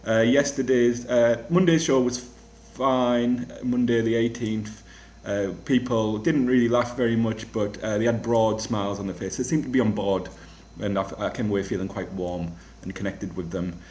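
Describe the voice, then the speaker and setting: Young man, low-pitched, self-deprecating stand-up rambling in an echoey flat; casual vlog delivery. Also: moderate pace. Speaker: comedian vlogger. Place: rented flat. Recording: echoey room.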